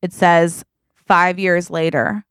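A woman co-hosting a comedy podcast, telling stories with animated enthusiasm. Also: fairly low pitch, slow pace, smooth, dry recording, studio quality. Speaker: podcast co-host. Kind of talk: casual comedy podcast banter.

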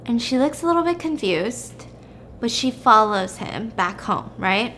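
A young woman retelling a story in a chatty, animated way, full of "like", as a podcast host. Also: a little high, a little slow, slight background noise. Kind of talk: casual story recap.

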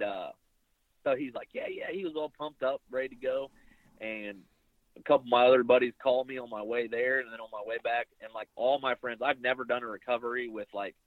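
A man's voice: mid-range voice, dry recording. Man telling a hunting story down a thin phone line. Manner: rambling, animated retelling with quoted dialogue. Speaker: bowhunter guest. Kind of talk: casual storytelling interview.

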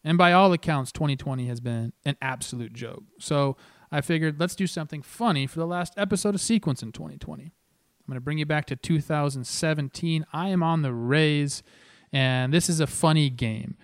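A man in his thirties hosting his own show, telling a story about his playing days over game footage in an animated, self-deprecating, chatty way. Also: a little high, moderate pace, dry recording, clean studio sound. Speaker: host, former pro baseball player.

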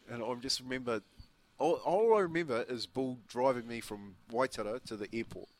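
A man in his fifties with a New Zealand accent, chatting on a breakfast radio show. He tells long stories in a loose, rambling way, doubling back on his words and laughing as he goes. His voice sits in a middle pitch. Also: lively intonation, a little fast. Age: 50s. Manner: rambling, storytelling, many restarts and laughs. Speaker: radio co-host. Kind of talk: casual breakfast-show chat.

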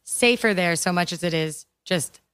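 A woman's voice: fairly low pitch, normal speed, fairly bright tone, smooth, no echo. A woman hosting a podcast, interviewing a guest in an upbeat, encouraging, casual way. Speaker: podcast host.

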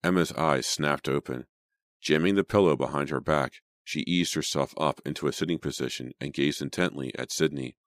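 A man narrating an audiobook in a measured, even storytelling manner. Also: a bass voice, no echo, clean studio sound. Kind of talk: scripted narration.

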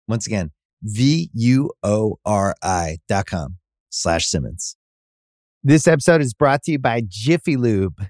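Man, lowish voice, dry close mic, upbeat host-read ad. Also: no room sound. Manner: upbeat sales pitch. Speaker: ad reader.

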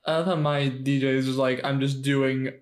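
A man co-hosting a podcast in casual chat, playful and quick to mock himself. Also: medium pitch, flat delivery. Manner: playful, self-mocking. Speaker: podcast co-host.

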